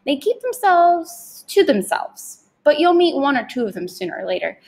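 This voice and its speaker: Woman reading a knowing, unbothered girl in a storybook; high and lively. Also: normal speed. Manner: casual, knowing. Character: offhand, knowing young girl.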